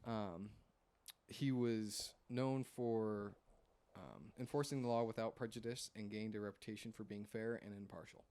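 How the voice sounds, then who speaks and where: A man with a fairly low, mellow voice speaks at a normal speed. He co-hosts a podcast and chats casually, rambling, hedging with "I think," and poking fun at himself.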